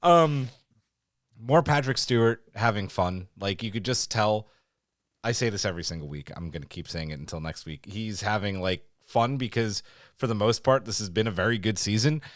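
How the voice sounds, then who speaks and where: A man co-hosting a podcast, reviewing a TV episode in casual chat, animated and swearing freely as he rants. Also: lowish voice, moderate pace, dry recording, studio quality. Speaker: podcast co-host.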